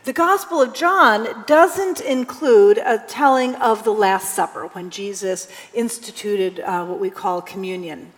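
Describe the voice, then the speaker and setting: A woman pastor preaches in a conversational style, now and then reading scripture aloud with emphasis. Her voice is medium-pitched and unhurried, with hardly any pauses, carried on a long hall reverb.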